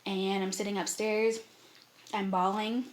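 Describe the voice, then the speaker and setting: A woman's voice: medium pitch, level tone, measured pace, slight background noise. A young woman vlogger telling a personal story in a candid, heartfelt way, with many fillers.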